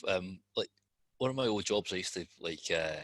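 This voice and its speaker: A man's voice: low-pitched, expressive, normal speed, a bit bright, no echo. A man in casual podcast banter, joking and laughing often between remarks.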